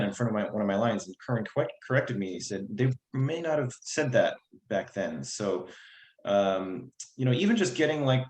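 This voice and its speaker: Guy actor on a zoom call, lots of restarts and ums, roomy echoey sound. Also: medium pitch. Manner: halting, many restarts and fillers, imitates relatives' lilting tone. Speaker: actor in the cast. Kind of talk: Q&A answer on a video call. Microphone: video call.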